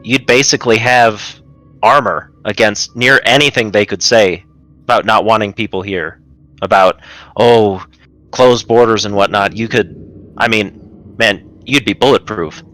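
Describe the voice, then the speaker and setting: Guy player in character, bright tense voice, loose and chatty. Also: on the low side, fairly even intonation, unhurried, soft background music. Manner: casual, filler-laden, enthusiastic. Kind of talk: in-character casual talk.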